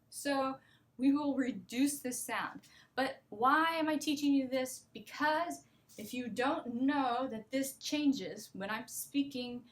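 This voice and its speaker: American woman, English teacher; unhurried, fairly high voice, keeps checking in with the class. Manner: slow, patient explaining with frequent "okay?" and "right?" checks. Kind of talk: relaxed accent lesson.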